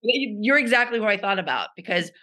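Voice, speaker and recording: A middle-aged woman co-hosting a podcast, telling a casual story in an animated way and acting out the people she quotes, heard over a video call. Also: medium pitch, fast. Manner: animated retelling with quoted voices. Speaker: podcast co-host.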